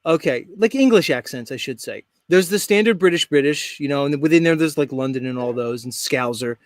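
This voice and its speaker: A man's voice: fairly high pitch, expressive, fairly quick, dry recording, clean studio sound. A man hosting a live stream show, talking in a brash, joking, rambling way. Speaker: host. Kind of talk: casual live stream chat.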